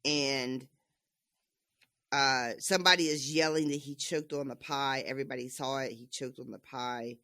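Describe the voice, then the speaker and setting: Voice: medium pitch, steady tone, moderate pace, bright, forceful tone, no echo, clean studio sound. A podcast co-host casually recapping book chapters, laughing often.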